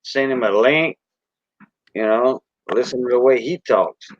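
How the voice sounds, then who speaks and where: A man's voice: mid-range voice, unhurried, a little hiss or hum. Folksy Cajun man on a dull stream. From Louisiana Gulf Coast. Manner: folksy, rambling, chuckling. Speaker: live stream host. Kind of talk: casual live-stream chat.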